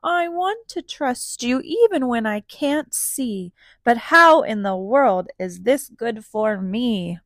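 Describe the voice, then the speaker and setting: A woman's voice: fairly high pitch, animated, takes it slowly, few pauses, fairly bright tone, dry recording, studio quality, heavily acted. A woman voicing a small, scared little seed in a children's storybook, worried and pleading.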